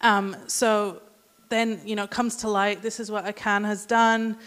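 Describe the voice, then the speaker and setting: A woman's voice: mid-range voice, little pitch movement, unhurried, fairly bright tone. A woman giving a casual, conversational sermon and asking the congregation questions. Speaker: church speaker. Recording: hall reverb.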